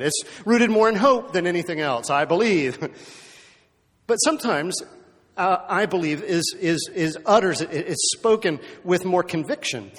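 A man preaching a sermon in a conversational storytelling way, often checking in with the listeners and repeating words as he goes. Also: fairly high pitch. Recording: long hall reverb.

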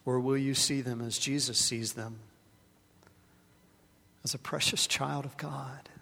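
A male pastor preaching a sermon, moving from loud, stressed phrases to quiet, hushed ones and doubling words when he gets stirred. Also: mid-range voice, fairly even intonation, a little slow, creaky, breathy edge. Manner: dramatic, swings from loud emphasis to hushed softness. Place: large worship hall. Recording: long hall reverb in a worship space.

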